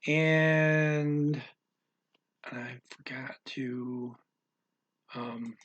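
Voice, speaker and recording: A man teaching a language lesson in a casual, halting way, correcting himself and filling pauses as he explains words. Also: medium pitch, fairly even intonation, fairly bright tone, dull audio. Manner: halting, self-correcting explanations with many fillers.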